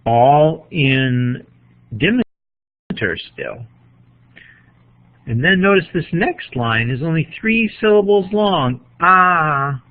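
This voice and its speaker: Slow, tinny-sounding male teacher. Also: a little high, lively intonation. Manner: thinking aloud, marking up a text with a pen. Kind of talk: poetry lecture.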